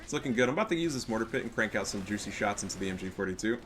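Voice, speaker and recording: Male game commentator, bright tone, hyped and foul-mouthed, faint background hiss. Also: fairly low pitch, racing. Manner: excitable, profane trash talk. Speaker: gaming commentator. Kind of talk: casual replay commentary.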